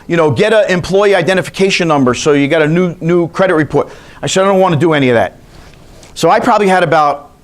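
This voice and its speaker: A man from New York teaching a continuing education class, telling chatty stories and quizzing his audience. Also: on the high side. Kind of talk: storytelling lecture to a class.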